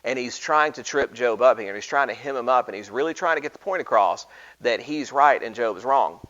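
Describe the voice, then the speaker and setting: A man's voice: mid-range voice, animated, brisk, fairly bright tone, dull audio. A man leading an informal Bible study, talking casually with frequent restarts and reading scripture aloud.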